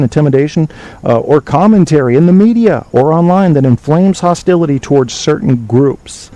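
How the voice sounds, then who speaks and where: A man's voice: mid-range voice, warm tone, rough recording. A man hosting a talk podcast, lecturing bluntly and swearing freely, reading aloud from a web page now and then. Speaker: podcast host. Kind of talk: opinionated call-in show monologue.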